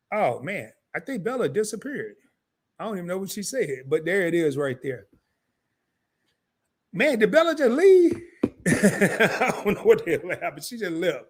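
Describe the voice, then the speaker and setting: A man hosting a live stream, wrapping up the show with loose, slangy banter and quick asides to his viewers. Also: high-pitched, a bit bright. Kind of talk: casual live stream sign-off.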